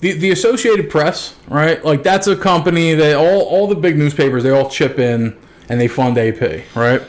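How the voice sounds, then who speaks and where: A man's voice: fairly high pitch, normal speed. A man in a casual podcast chat, thoughtfully explaining his views with some casual swearing. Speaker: podcast co-host.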